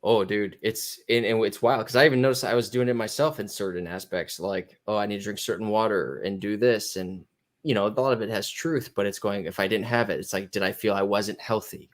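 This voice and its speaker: A personal trainer chats on a podcast in a low voice, rambling through long points. He restarts his sentences often and slips into quoted voices of his clients. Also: fairly quick. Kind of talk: casual podcast conversation.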